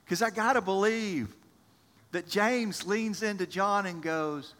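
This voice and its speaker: A man preaching a sermon as pastor, animated, acting out the voices of people in the story. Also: high voice, unhurried, in a large hall.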